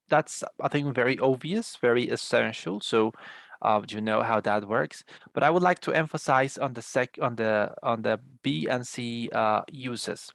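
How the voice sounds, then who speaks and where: Male teacher, gravelly voice, dry close sound, lecturing students over a video call. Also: mid-range voice, a bit bright, no room sound. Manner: repeats words, frequent "right?" checks. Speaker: English teacher. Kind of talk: online class explanation.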